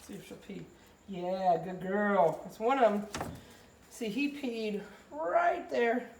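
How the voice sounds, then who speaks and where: A woman's voice: takes it slowly, vocal fry, darkish tone, echoey room, slight background noise. A woman, a dog breeder chatting casually in a home vlog as she feeds and trains her puppies. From US Gulf Coast. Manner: chatty, switches to high baby talk for the puppies.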